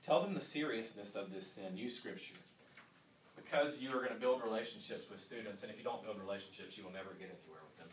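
A man in his thirties, a youth pastor giving an earnest teaching talk to youth workers, swinging from quiet stretches to loud emphasis. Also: fairly low pitch, fast talker, a little hiss or hum. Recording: roomy sound from a distant mic with faint ambience.

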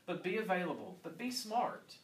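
A man in his thirties, a youth pastor giving an earnest teaching talk to youth workers, swinging from quiet stretches to loud emphasis. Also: high-pitched, very animated, moderate pace. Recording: roomy sound from a distant mic with faint ambience.

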